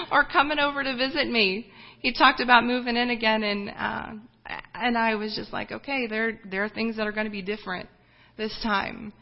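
A woman missionary giving an earnest, emotional personal testimony, often halting and restarting as she speaks. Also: on the high side, fairly even intonation, creaky, lo-fi sound.

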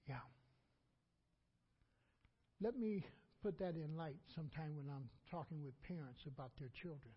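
A man's voice: fairly high pitch, unhurried, pauses often, slightly rough, lo-fi sound. A man preaching a sermon as pastor. He repeats lines for emphasis and leaves gaps for the congregation to answer.

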